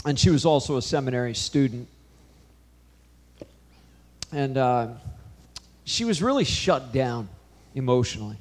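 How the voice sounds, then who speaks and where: A man's voice: mid-range voice, a little mellow, big-room sound. A man preaching a sermon, telling a story and acting out a conversation with changing emphasis. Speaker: pastor.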